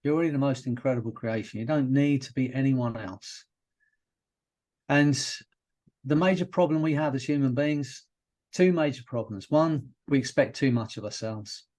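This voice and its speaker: A British hypnotherapist telling stories in a relaxed, rambling way, often restarting his sentences as a podcast guest. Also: mid-range voice. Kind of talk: casual interview chat.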